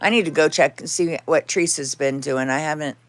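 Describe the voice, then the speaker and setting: A woman's voice: low voice, a little fast, dry recording. Female streamer, casual and candid, dry room, occasional cat. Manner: rambling, candid, talks to her cats and chat. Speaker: livestream host. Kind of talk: casual livestream chat. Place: home.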